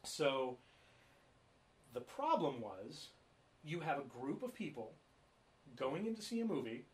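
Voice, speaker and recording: A man's voice: on the high side, sing-song, slow, pauses often. A man co-hosting a podcast, telling rambling stories in casual chat and swearing freely. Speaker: podcast co-host.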